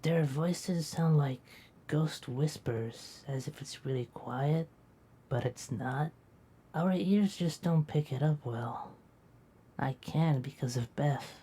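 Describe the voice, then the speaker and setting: A woman's voice: sits low, takes it slowly, breathy edge, exaggerated voice. A woman voicing a drowsy, doting companion. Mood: affectionate. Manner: soft-spoken, drowsy and affectionate. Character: sleepy, doting young female companion.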